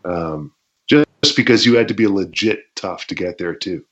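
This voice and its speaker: Brief: Canadian ex-wrestler, guest storyteller, low voice, dull lo-fi audio, acts out the action. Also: male voice, normal speed. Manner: animated, acts out shouts and sound effects, laughs often. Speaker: interview guest, former pro wrestler. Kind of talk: casual storytelling interview.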